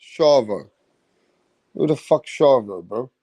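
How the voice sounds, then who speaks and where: A man's voice: mid-range voice, expressive, slow, warm tone, no echo. A man hosting a live stream about boxing, brash and profane, talking straight to his chat and boasting about his predictions. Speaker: boxing channel host.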